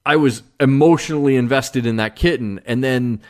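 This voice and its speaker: A man's voice: mid-range voice, normal speed, darkish tone. A man hosting his own podcast, talking casually on his own in a rambling, jokey way with lots of fillers and restarts. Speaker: podcast host. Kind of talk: casual solo monologue.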